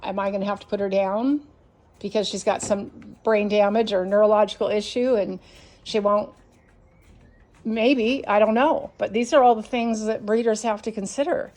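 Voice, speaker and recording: A woman's voice: mid-range voice, steady tone, normal speed, a little mellow. A woman dog breeder, ranting and swearing in a casual vlog as she walks around her deck. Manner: frustrated, swears constantly, ranting. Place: outdoors on a home deck.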